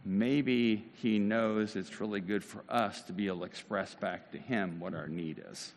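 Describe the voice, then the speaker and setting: A man's voice: fairly low pitch, normal speed, big-room sound. A man preaching a sermon in an earnest, conversational way, now and then rising into emphatic bursts. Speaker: pastor.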